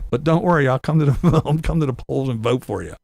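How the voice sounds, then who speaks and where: A man's voice: mid-range voice, fairly quick, creaky, a little mellow, dry recording. A man voicing a smug, freshly released male criminal in a raised, mocking put-on voice. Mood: gloating.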